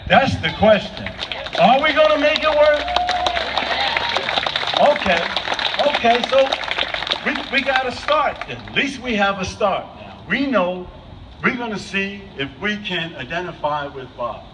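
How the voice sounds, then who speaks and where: A man's voice: sits high, sing-song, measured pace, pauses often, distant mic. A man giving an unscripted speech at an outdoor vigil, asking the crowd questions again and again. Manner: asks the crowd repeated questions. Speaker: speaker at a vigil. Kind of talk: impromptu public speech. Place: outdoor gathering. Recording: dull lo-fi with faint noise.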